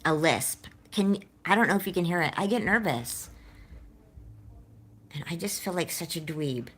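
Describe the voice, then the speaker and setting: A woman with a slightly low voice talks openly to viewers on a livestream. Her speech has a slight nervous lisp, and she rambles, circling back on her own doubts as she goes. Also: lively intonation, normal speed, husky. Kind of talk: candid livestream chat.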